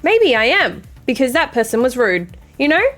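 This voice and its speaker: A woman's voice: high-pitched, big pitch swings, normal speed, fairly bright tone, faint music behind. A young woman streamer chatting casually with her viewers and reading chat aloud, with a dry, sarcastic sense of humor and sassy banter.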